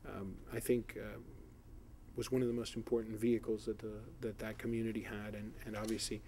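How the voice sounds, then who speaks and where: A man's voice: on the low side, flat delivery, a little fast, dark tone, slight background noise. A middle-aged man from South Florida, a political candidate answering questions in an editorial board interview, rambling with many fillers and restarts.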